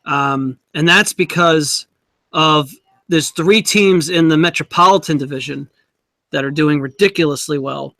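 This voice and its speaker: High-voiced man in halting sports chat. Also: pushed and bright, dry recording. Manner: halting, restarts words often. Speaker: podcast co-host.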